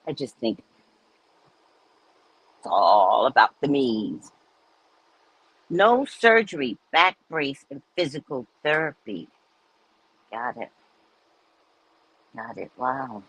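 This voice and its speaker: A woman's voice: a bass voice, takes it slowly, pauses often, slightly rough, rough recording. A middle-aged woman hosting a casual livestream, chatting and reading viewer comments aloud. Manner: chatty, animated, reads chat aloud. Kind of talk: casual chat.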